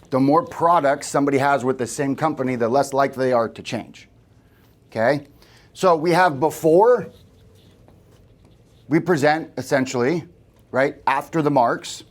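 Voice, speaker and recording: A man giving a live sales training to a room of agents, talking casually and often checking in with questions to the group. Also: a little high. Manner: conversational, asks the room questions.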